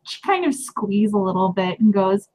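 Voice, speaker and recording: A woman's voice: medium pitch, lively intonation, moderate pace, a little mellow, low-quality recording. A woman narrating her character in a tabletop game, often hesitating and repeating words. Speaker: tabletop player. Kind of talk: casual role-play narration.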